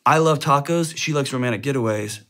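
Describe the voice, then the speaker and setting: A man guest in his forties telling animated, playful stories in an interview. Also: mid-range voice, a little fast. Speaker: guest expert. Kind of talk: storytelling in an interview.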